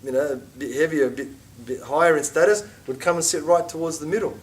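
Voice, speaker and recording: Animated man teaching a class. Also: on the high side, fast, far from the mic. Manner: animated, conversational, with asides and mock quotes. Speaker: religious teacher. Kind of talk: informal class lecture.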